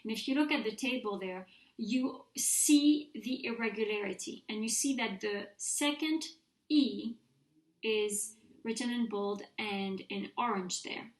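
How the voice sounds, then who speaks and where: A woman's voice: on the high side, unhurried, echoey room. A woman teaching a recorded French grammar mini-lecture, patiently modelling pronunciation for her students to repeat.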